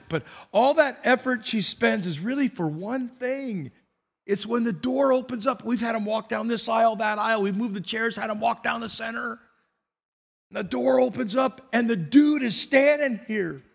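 Male pastor, high voice, animated sermon storytelling, long hall reverb. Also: creaky. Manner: animated storytelling with repetitions and asides.

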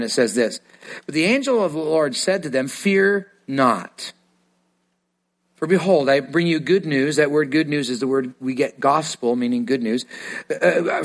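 A man's voice: on the high side, a bit bright. A man preaching a sermon to a congregation, earnest and given to repeating words as he starts a thought. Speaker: pastor.

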